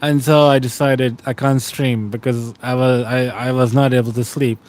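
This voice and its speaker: This Australian man, in his thirties, talks at normal speed in a mid-range voice. He is relaxed and rambling as he chats with stream viewers from his bed, tired, greeting chat by name.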